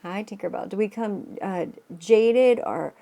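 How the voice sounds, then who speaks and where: A woman's voice: medium pitch, a little slow, creaky, warm tone. A woman tarot reader explaining astrology in a casual, rambling way, with many restarts and an earnest tone. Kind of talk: casual spoken astrology reading.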